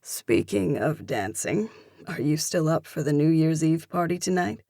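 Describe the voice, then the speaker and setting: A woman's voice: deep voice, very animated, unhurried, vocal fry, warm tone, dry recording, clean studio sound, full character voice. A woman narrator voicing a confident, playful young male cage fighter in an audiobook, with an easygoing, teasing manner. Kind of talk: audiobook character voice.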